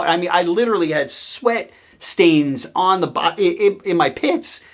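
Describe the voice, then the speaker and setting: A man hosting his own show, telling a story about his career in a casual, animated way and acting out the people he quotes. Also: high voice, normal speed, hardly any pauses. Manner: animated, acts out quoted voices. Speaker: host.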